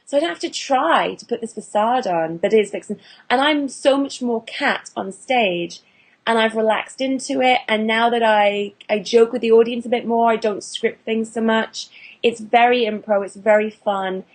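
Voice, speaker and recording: In a casual interview, an English woman who works as a burlesque performer and actor keeps restarting and using fillers. She speaks at a moderate pace, her voice on the high side.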